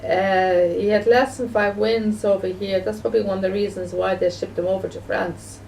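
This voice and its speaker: A woman vlogging in a gravelly, dark-toned voice. She rambles, circles back and repeats herself, often restarting her sentences. The mic sits a distance away, with a faint hum of background noise. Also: medium pitch, fairly even intonation, normal speed. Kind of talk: casual home video talk.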